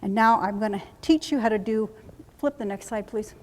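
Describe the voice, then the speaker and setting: A woman's voice: mid-range voice, a little mellow, slight background noise. Commanding woman coaching in a reverberant hall. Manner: brisk, commanding coaching with chanted repetitions. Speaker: workshop presenter. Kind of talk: live training demonstration. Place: conference room.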